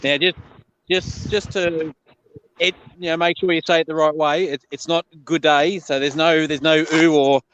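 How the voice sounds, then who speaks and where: Australian man, YouTuber guest, higher-pitched, patient and friendly. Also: flat delivery, normal speed, a bit bright, clean tone, dull audio. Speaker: YouTuber, livestream panel guest. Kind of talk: casual chat.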